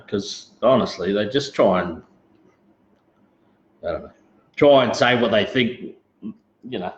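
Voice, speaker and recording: A man with an Australian accent hosting a casual live show, rambling in a laid-back way and greeting viewers as he talks. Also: fairly low pitch. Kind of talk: casual live-stream chat. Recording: roomy, dull lo-fi live stream audio.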